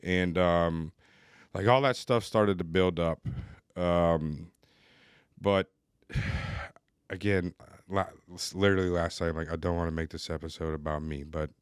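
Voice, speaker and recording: A man's voice: low voice, steady tone, unhurried, smooth, no room sound, studio quality. A man hosting a recovery podcast, telling his own story in a candid, loose and chatty way. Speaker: podcast host. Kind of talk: casual recovery podcast conversation.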